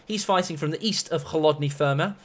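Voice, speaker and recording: A man's voice: a little high, a little fast. A man casting a strategy-game match on a live stream, chatty and rambling with self-mocking asides. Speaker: esports caster.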